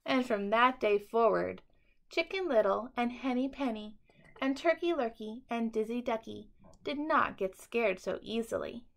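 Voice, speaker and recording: A woman teacher reading a bedtime story aloud to children in an expressive, dramatic way. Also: on the high side, measured pace, vocal fry.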